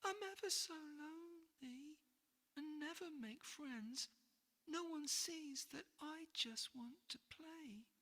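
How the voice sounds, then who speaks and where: A woman's voice: sits high, slow, sharp tone, pitched above the performer's own voice, exaggerated voice. A woman voicing a small, lonely dragon that pleads through tears in a storybook reading. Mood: tearful. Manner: tearful, pleading. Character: sad lonely little dragon. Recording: long hall reverb.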